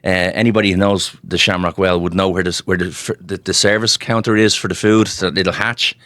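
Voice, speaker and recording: A man's voice: sits low, steady tone, brisk, a bit bright, dry recording. A middle-aged Irish man, a guest comedian, telling rambling anecdotes in casual chat, full of restarts and "you know". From Ireland. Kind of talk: casual storytelling.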